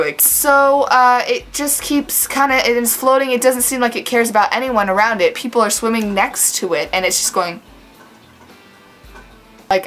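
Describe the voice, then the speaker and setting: A woman's voice: on the high side, normal speed, a bit bright, soft background music. A woman telling a story to her camera in a casual vlog, chatty and full of fillers. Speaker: vlogger.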